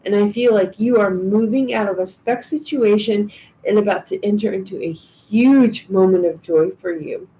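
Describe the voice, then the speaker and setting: A woman's voice: medium pitch, moderate pace, mellow, poor audio. A woman giving a live tarot and oracle card reading, chatty and reassuring, with frequent ums and restarts. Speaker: tarot reader.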